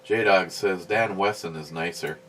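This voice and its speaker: A man's voice: low-pitched, unhurried, a bit bright, slight background noise. A man hosting a casual podcast, rambling through a story with many restarts and fillers, and reading out chat comments. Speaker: podcast host.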